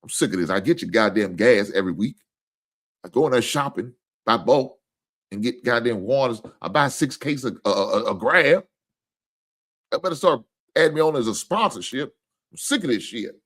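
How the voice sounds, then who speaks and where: A tired man with a drawl rambles through a casual sports talk stream. His pitch swings widely as he cusses and jokes with his chat. He sounds loose and unscripted. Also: expressive, moderate pace, a bit bright. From Kentucky. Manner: rambling, profane, laughing and joking with chat.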